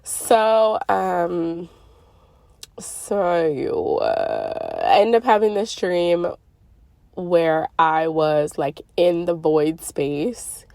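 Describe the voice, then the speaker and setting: A congested woman telling a long, rambling story in a casual monologue, full of fillers and slow stretched words. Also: on the low side, sing-song, gravelly, a little mellow, dry recording. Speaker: spiritual YouTuber. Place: Arizona.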